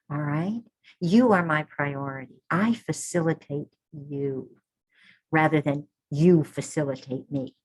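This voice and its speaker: Low, husky woman giving a heartfelt talk. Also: low-quality recording. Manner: earnest, repeats "all right" and "okay". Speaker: birth keeper. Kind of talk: informal talk to an audience.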